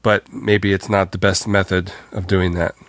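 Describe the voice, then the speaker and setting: With a low voice and flat delivery at a moderate pace, this man co-hosts a podcast in casual chat, full of fillers and hesitation but quick to laugh. The recording is dry.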